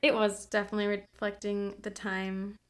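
A woman's voice: medium pitch, normal speed. A woman chatting casually about a novel with a friend, sometimes reading passages aloud. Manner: reads passages aloud, animated. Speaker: co-host. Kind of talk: casual book discussion.

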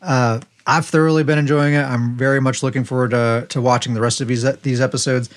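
A man co-hosting a podcast, casually retelling scenes in a relaxed storytelling way with quick quoted lines. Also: medium pitch. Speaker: podcast co-host. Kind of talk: casual recap chat.

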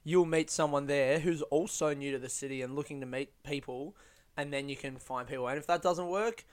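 Young male comedian, sardonic and profane storyteller, clean smooth tone. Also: fairly high pitch, brisk. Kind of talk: casual comic storytelling.

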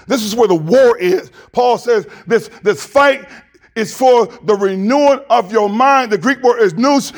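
A male pastor preaching a sermon, emphatic and repetitive, building to shouted climaxes. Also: very high voice.

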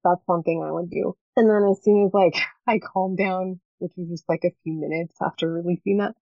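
A woman's voice: on the low side, steady tone, fairly quick, no echo. A woman in her thirties, a parenting coach chatting as a guest, earnest and talkative with lots of fillers. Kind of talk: casual interview chat. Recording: dry, slightly dull lo-fi sound.

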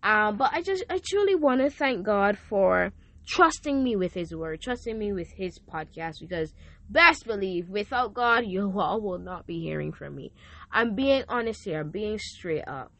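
A woman's voice: medium pitch, lively intonation, moderate pace, a bit bright. A young woman hosting a faith podcast, speaking casually and emotionally, often repeating herself. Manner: emotional, repetitive, faith-filled gratitude. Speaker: podcast host. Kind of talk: casual thank-you message.

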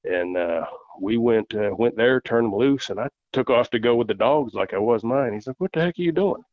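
A low-voiced man with a drawl tells a long story as a podcast guest, folksy and easygoing, jumping into the other voices as he goes. The audio is dull and lo-fi, with a dry, close sound and no room echo. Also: moderate pace. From southern United States. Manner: folksy, acts out quoted voices. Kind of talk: casual storytelling.

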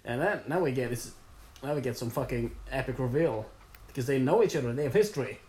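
A man's voice: medium pitch, animated, quick pace, a little mellow. A man with a mid-range voice trades sarcastic jokes in loose, casual chat. He swears often and reacts with blunt enthusiasm. Faint background noise sits under the recording. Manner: sarcastic, profane, joking. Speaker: co-host reviewing a comic.

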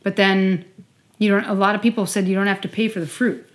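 A woman co-hosting a casual chat while tasting wine, talking fast and loose, swearing and filling her sentences with "like". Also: medium pitch, steady tone. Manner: chatty, heavy use of "like", swears casually. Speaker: podcast co-host.

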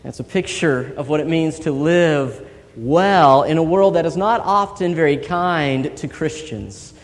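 A man's voice: fairly high pitch, a little slow. A man preaching a sermon in church, telling stories and acting out quoted voices. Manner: storytelling, animated quoted voices. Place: large church hall. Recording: long hall reverb.

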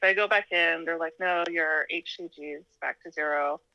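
A woman's voice: low-pitched, moderate pace, vocal fry, smooth, no echo, dull audio. A woman from Alaska, a podcast guest, telling her personal story casually and acting out what people said, with frequent laughter. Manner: animated, laughs often, acts out quoted dialogue. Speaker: interview guest.

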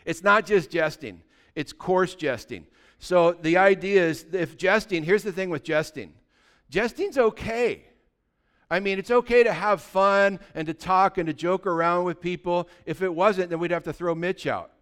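A middle-aged man preaching a sermon as pastor, conversational and animated, full of rhetorical questions. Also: sits high, normal speed, clean tone.

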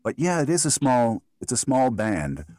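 A man's voice: mid-range voice, big pitch swings, normal speed, mellow, no echo, studio quality. A middle-aged American man who works as a voiceover artist, talking at ease in an interview and giving thoughtful, rambling answers full of restarts and fillers. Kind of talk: relaxed conversational interview.

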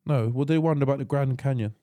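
A young British man co-hosting a podcast, bantering loudly and swearing through a guessing game with his friend. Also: mid-range voice, very fast, no room sound. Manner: loud laughing, joking, swearing. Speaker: podcast co-host.

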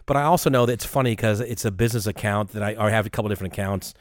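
Guy rambling on a podcast, kinda low voice, dry studio sound, gets excited and trips over his words. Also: racing, no echo. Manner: rambling, excitable storyteller with frequent restarts. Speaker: podcast co-host. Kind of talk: casual podcast chat.

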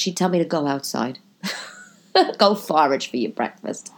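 A woman's voice: deep voice, very animated, moderate pace, creaky. A woman hosting a casual chat podcast from her apartment, rambling through tangents with a stuffy nose. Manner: chatty, rambling, goes off on tangents. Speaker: podcast host.

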